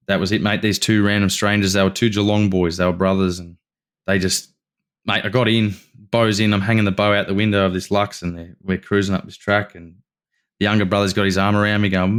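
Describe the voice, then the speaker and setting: A man with an Australian accent, a podcast guest telling a story in a casual, animated way and acting out what people said. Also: fairly low pitch, smooth. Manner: animated storyteller, acts out quotes, says "mate" often.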